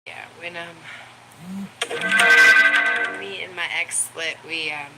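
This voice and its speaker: Her voice is fairly low and steady, and she talks slowly over loud music in poor audio. Livestreaming casually from home, she rambles to viewers and baby-talks her dog while loud background noise and barking fill the clip.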